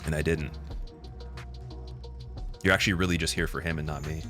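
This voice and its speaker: Deep-voiced guy streaming a game, chatty and giggly, faint music behind. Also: brisk. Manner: chatty and giggly, talks to chat, gets loud and excited. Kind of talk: casual live-stream commentary while playing.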